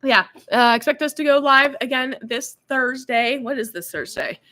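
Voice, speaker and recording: A woman's voice: sits high, moderate pace, pushed and bright. A woman hosting a casual livestream, giggly and chatty as she banters with her ventriloquist puppet.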